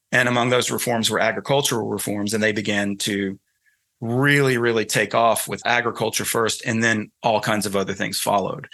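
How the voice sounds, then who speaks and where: A man's voice: medium pitch, gravelly, pushed and bright. A man with a Southern accent from North Carolina, a guest author explaining his ideas in a thoughtful, storytelling way during an interview. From North Carolina, USA. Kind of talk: conversational interview.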